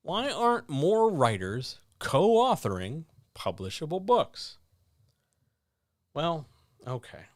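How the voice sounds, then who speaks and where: A man's voice: slow pace, long pauses, no echo, studio quality. Blunt sardonic man hosting a live chat. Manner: blunt, sardonic, animated, with sudden jumps in pitch. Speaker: host of a writing advice livestream. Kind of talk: casual livestream chat answering viewer questions.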